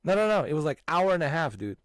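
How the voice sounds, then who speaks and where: A man hosting a gaming channel, loudly swapping stories with friends and breaking into frequent laughter and exclamations. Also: fairly high pitch, sing-song, quick pace, no echo, clean studio sound. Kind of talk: casual chat with friends.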